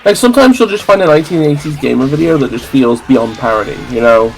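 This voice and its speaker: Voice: medium pitch, animated, fast, faint music behind, rough recording. A streamer rambling through a story in casual chat while gaming, with many restarts.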